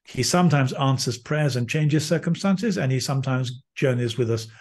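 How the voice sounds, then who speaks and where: A man who is a priest, a guest telling personal stories in conversation, earnest and lively, acting out what people said. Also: medium pitch, normal speed. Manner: earnest, lively anecdotes with acted-out quotes.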